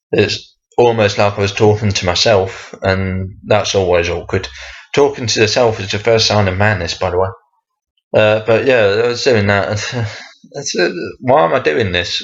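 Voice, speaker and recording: A man's voice: on the low side, highs cut off. A young man hosting a casual solo podcast, rambling and hesitant, and swearing when he gets worked up. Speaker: podcast host.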